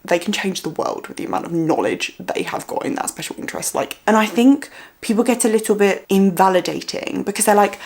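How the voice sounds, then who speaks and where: A young woman vlogging, talking loudly at one volume, repeating words for stress and putting emphasis in unexpected places. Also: medium pitch, fairly quick. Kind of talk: casual explanatory vlog.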